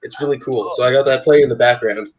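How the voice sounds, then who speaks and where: A man's voice: medium pitch, fast, highs cut off. A man co-hosting a casual podcast chat, laid-back, laughing often and swearing freely. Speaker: podcast co-host.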